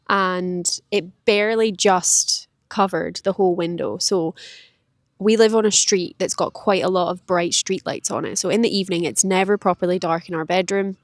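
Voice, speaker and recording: A woman's voice: on the low side, no echo, studio quality. Chatty woman in her late twenties. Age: late 20s. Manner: chatty, rambling, self-deprecating, many "like"s. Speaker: vlogger. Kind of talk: candid personal vlog monologue. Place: outdoors in a park.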